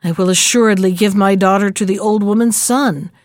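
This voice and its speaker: A woman's voice: mid-range voice, steady tone, a little fast, no echo, clean studio sound, natural voice. A woman voicing a proud, scheming male sultan in a storybook reading, with a commanding, self-satisfied manner.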